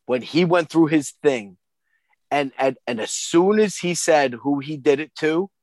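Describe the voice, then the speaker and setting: A man's voice: a little high, unhurried, a little mellow, dry recording. A man co-hosting a casual film podcast, rambling with stammered repeats and casual swearing. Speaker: podcast co-host.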